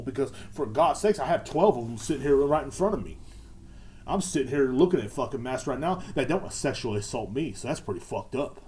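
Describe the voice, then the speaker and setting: A man's voice: medium pitch, darkish tone. A young man hosting a solo podcast from home, ranting in a sarcastic, profane, mocking way. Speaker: podcast host. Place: at home, sitting indoors.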